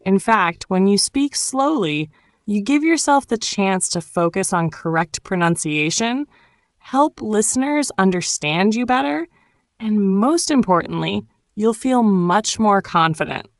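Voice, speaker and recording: A woman giving a scripted, encouraging English lesson in a calm, clearly enunciated way. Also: mid-range voice, a little slow, no echo, clean studio sound. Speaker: English teacher. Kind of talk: scripted motivational narration.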